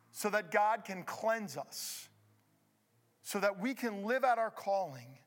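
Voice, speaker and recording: High-voiced preaching man, dramatic swings. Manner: dramatic preaching with wide swings between loud emphasis and hushed asides. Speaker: pastor. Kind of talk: sermon.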